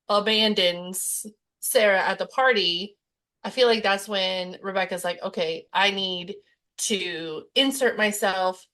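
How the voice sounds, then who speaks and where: Young woman, podcast co-host, casual chat, retelling scenes, quoted voices, mid pitch. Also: sharp tone. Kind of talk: casual chat about a movie.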